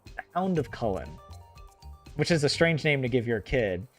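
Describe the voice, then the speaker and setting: A man's voice: medium pitch, sing-song, moderate pace, soft background music. A man streaming a farming game, chatting casually with viewers in a rambling way and laughing often. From United States. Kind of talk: casual chat with live viewers.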